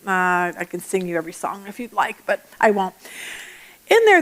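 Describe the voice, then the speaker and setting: A woman teaching a Bible study lesson in a chatty, animated way, telling personal stories and often restarting her sentences. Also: medium pitch. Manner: acts out everyday voices mid-talk.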